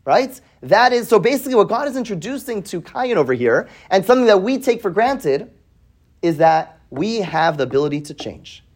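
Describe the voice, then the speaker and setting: The voice sits high and is very animated, moving at a moderate pace. It belongs to a Torah teacher giving a weekly Bible class to students in a classroom, where he reads and translates Hebrew verses, asks questions, often says "right?", and repeats words as he works through his thoughts.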